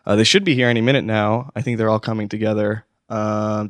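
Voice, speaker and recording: A man hosting a comedy podcast alone in a studio, rambling and lurching from hushed self-soothing to outbursts. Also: on the low side, fairly even intonation, a little fast, few pauses, clear, resonant tone, no echo. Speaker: podcast host. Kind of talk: comic solo rant.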